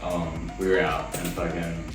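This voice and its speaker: A man with a very low voice rambles through a personal story on a podcast, laid-back and profane. He sits far from the mic in a strongly echoing room, with faint music behind. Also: completely flat delivery, measured pace. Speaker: podcast co-host.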